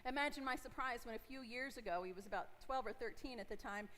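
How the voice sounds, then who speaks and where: A woman's voice: on the high side, quick pace, bright, forceful tone. A woman in her forties, a pastor giving a conversational sermon and asking her congregation questions. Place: church sanctuary. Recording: long hall reverb from a church.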